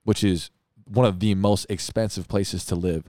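A young man from California in casual chat, animated and argumentative, swearing freely as he tells stories. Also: low voice, moderate pace, no room sound, studio quality. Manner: animated storytelling, puts on voices for quotes.

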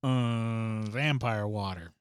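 A man's voice: fairly low pitch, takes it slowly, clear, resonant tone, no room sound, studio quality. A man co-hosting a podcast, chatting casually and jokingly while watching a movie, swearing freely. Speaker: podcast co-host. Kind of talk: casual movie commentary chat.

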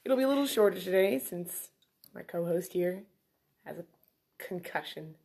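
A woman's voice: on the low side, expressive, moderate pace, vocal fry, a little mellow, breathy edge. A woman co-hosting a coffee podcast in casual chat, teasing and playful. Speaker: podcast co-host.

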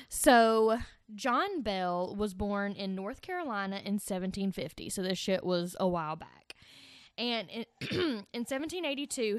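A woman's voice: medium pitch, no room sound, studio quality. A woman hosting a casual podcast, telling a scary story with swearing and joking asides. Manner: swears freely, jokey asides.

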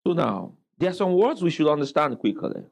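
A man's voice: on the high side, big pitch swings, brisk, gravelly, rough recording. A man preaching a sermon as pastor, calling out questions for the congregation to answer and exclaiming praise.

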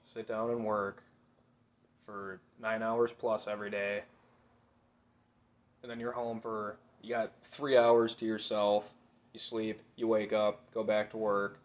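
Young man, minnesotan accent, lowish voice, blunt joking co-host. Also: flat delivery, takes it slowly, pauses often. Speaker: podcast co-host. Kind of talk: casual chat.

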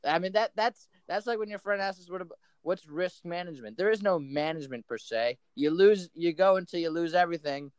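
A man's voice: high voice, expressive, fairly quick, few pauses, clear, resonant tone, no echo. A young man co-hosting a casual podcast, reacting to the story and asking follow-up questions. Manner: reactive, asks follow-up questions, laughs along. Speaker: podcast co-host. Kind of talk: casual chat.

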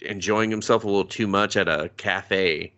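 A man's voice: lowish voice, fairly even intonation, normal speed, bright, forceful tone, lo-fi sound. A man hosting a podcast, recapping an anime in sarcastic, profane casual chat. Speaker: podcast host.

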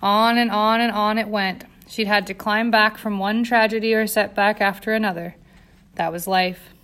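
Woman audiobook narrator, steady, dramatic delivery. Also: medium pitch, normal speed, smooth.

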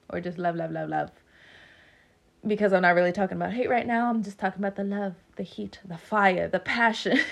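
A woman's voice: medium pitch, creaky. Chatty woman giving a tarot reading. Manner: chatty, laughs often, rambling asides. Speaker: tarot reader. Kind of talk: casual tarot reading to camera.

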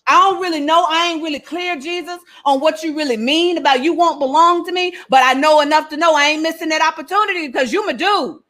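A woman's voice: high voice, quick pace, hardly any pauses, a bit bright. A woman playing Peter as an eager, overexcited grown man, in a comic, pleading voice.

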